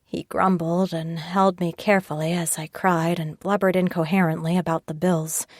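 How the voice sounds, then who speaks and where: A woman reading a first-person audiobook in a calm, measured way on a close mic. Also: on the low side, no echo. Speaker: audiobook narrator. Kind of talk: scripted first-person narration.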